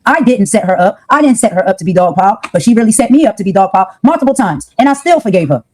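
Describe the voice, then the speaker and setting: A woman's voice: mid-range voice, sing-song, quick pace, darkish tone, poor audio. A woman ranting on a livestream, scolding and confronting someone over and over. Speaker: livestream commentator. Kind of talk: heated livestream rant.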